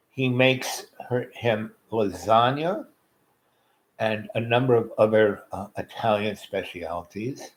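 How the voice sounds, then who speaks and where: A man's voice: fairly low pitch, slight background noise, poor audio. A man telling a rambling personal story, loose and full of fillers and asides.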